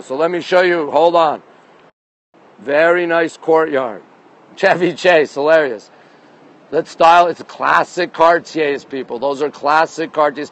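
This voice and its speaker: A man's voice: fairly high pitch, a little hiss or hum. A middle-aged man from Montreal chatting casually on a live stream outdoors on city streets, reading out viewer comments, greeting people, and often repeating himself. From Montreal, Canada.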